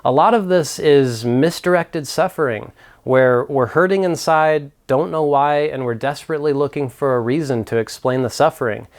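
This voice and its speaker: A man's voice: on the high side, moderate pace. A man hosting a mental health video, narrating a story and reflecting earnestly in a scripted delivery.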